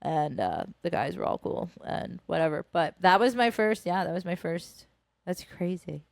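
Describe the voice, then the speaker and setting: A woman's voice: on the low side, moderate pace, gravelly, no echo. A woman in her thirties co-hosting a podcast, telling a story casually with heavy swearing and acting out the voices of the people in it. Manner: animated, heavy swearing, acts out quoted voices. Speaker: podcast co-host.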